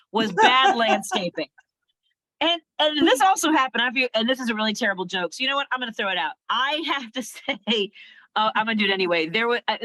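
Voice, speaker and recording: A middle-aged woman performing an animated, self-deprecating stand-up set over a video call. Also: on the high side, no echo. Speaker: stand-up comedian.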